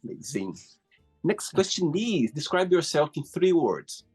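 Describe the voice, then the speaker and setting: A man's voice: on the high side, sing-song, unhurried, a little mellow, breathy edge, soft background music. A man hosting a casual interview, asking questions and reacting with short, enthusiastic praise. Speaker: interview host.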